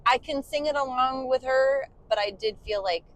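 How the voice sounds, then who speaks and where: Riding in a moving car, a podcast co-host who leads a band and sings chats casually, using many fillers and breaking into short sung demos. Her voice sits high and a bit bright at a normal speed. The recording quality is low.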